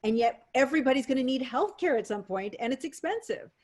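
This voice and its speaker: A woman economist, a guest on a video call, explaining her points in a clear, lecturing way, step by step. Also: high voice, animated, fast talker, a little mellow. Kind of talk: explanatory interview answers.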